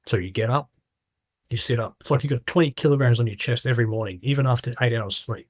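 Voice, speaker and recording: A man's voice: medium pitch, fast talker, dry recording, studio quality. A middle-aged man candidly recounting his story in a casual interview, acting out quoted voices as he goes. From Australia. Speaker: guest.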